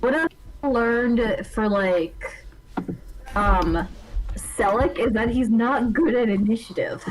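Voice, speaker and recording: Casting note: fairly high female voice, hesitant player, chatter audible behind her. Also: takes it slowly, rough recording. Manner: hesitant, trailing off. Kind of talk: tabletop game play. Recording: chatter in the background.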